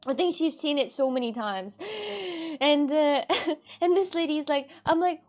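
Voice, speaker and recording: High-voiced woman, chatty and laughing. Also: a little slow, faint music behind. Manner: animated, laughing, bursts of shrieks while retelling. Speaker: vlogger. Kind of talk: casual storytelling to camera.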